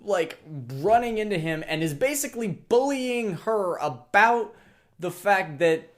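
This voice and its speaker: Playful podcast co-host with a very expressive, swooping voice. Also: mid-range voice, measured pace. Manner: lively, laughs easily, playful. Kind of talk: casual chat.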